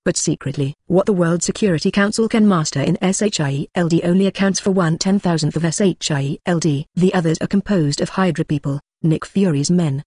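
An even, machine-like audiobook narration at a middling pitch. The reading stays measured and steady throughout. It is recorded close and completely dry, with no room sound. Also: slightly rough, dry recording. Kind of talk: scripted narration.

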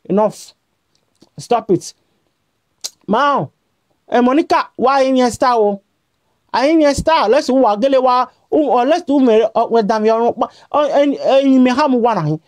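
A woman's voice: on the high side, unhurried, a little mellow, no room sound, studio quality. A woman with a Nigerian accent giving a scolding, repetitive rant straight to her vlog audience, switching between Pidgin and a local language. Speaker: vlogger. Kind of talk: scolding direct-to-camera rant.

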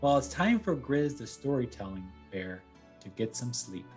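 A man gently reading a bedtime story aloud to children as a storyteller. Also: mid-range voice, very animated, moderate pace, soft background music.

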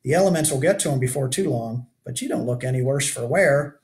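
A man with a natural, mid-range, slightly mellow voice reads aloud a little fast and expressively. He voices a weary, rugged older keeper of a shipwreck shelter who laments in folksy backwoods grammar.

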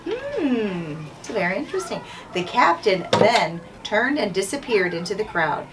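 A woman school principal reading a children's chapter book aloud in a clear, measured way. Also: mid-range voice, sing-song. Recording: distant mic, faint background noise.

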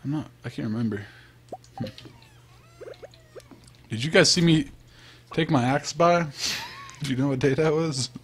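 A man's voice: on the high side, measured pace, long pauses, a little hiss or hum. A man giving casual, chatty gameplay commentary, thinking aloud and trailing off as he plays. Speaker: let's play host.

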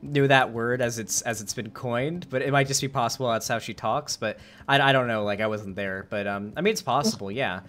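A man's voice: medium pitch, a little fast, few pauses, fairly bright tone, a little hiss or hum. Rambling man hosting a casual debate. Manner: rambling, many fillers, restarts. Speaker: host.

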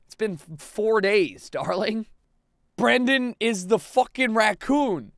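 A young man giving profane, excitable let's play commentary as a gaming video host, now and then bursting into shouts. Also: on the high side, normal speed, clean tone, dry recording.

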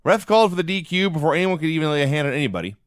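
A man's voice: a little high, expressive, rapid-fire, no echo. A man hosting a podcast, recapping old shows in a dry, wry casual manner. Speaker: podcast host.

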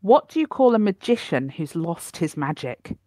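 A woman's voice: on the low side, big pitch swings, moderate pace, mellow, no echo, studio quality. A woman co-hosting a podcast in a casual, playful chat, keen to tell jokes. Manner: chatty and playful, tells jokes. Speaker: podcast co-host.

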